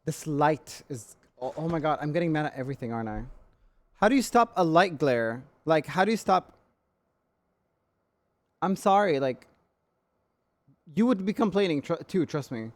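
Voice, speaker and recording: A young male streamer with a slightly higher voice rants in casual live-stream chat. He talks in an irritated, sweary way and keeps repeating the same questions. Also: very animated, normal speed, pauses often.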